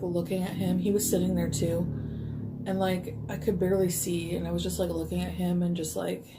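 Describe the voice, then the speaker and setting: A woman's voice: lowish voice, noisy background. Rambling woman telling a story. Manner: rambling, frequent fillers, laughs easily. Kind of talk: casual storytime.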